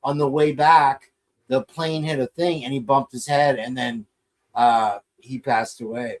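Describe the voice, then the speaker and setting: A middle-aged man co-hosts a podcast, rambling and joking casually while getting distracted fiddling with his equipment. His mid-range voice is unhurried with fairly even intonation, and the recording quality is low.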